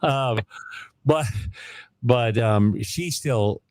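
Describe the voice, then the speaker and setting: A man's voice: mid-range voice, very slow, a little mellow, no room sound. A middle-aged man hosting a live online hangout, talking in a rambling, joking way with lots of ums, over a video call. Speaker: live stream host. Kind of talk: casual chat.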